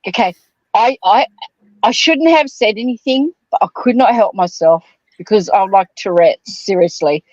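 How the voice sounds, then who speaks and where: An Australian woman in her fifties, co-hosting a casual chat and telling rambling, animated stories. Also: mid-range voice, normal speed, no echo, highs cut off. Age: 50s. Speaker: podcast co-host.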